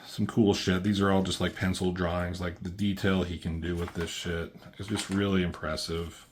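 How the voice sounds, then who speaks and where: A man's voice: deep voice, level tone, moderate pace. A man casually recapping a comic book as a reviewer, rambling along with lots of fillers and a laid-back delivery.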